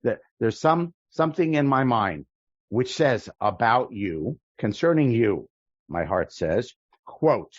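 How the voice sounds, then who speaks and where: A man teaching a prayer-book class as a rabbi, explaining the text line by line in a thoughtful way, often pausing and restarting mid-sentence. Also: mid-range voice, sing-song, no echo, muffled recording. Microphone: video call.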